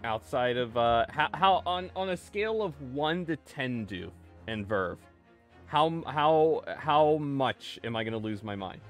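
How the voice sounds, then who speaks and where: A man hosting a game stream in casual, excitable chat, breaking into playful exclamations. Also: mid-range voice, unhurried, soft background music. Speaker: streamer and host.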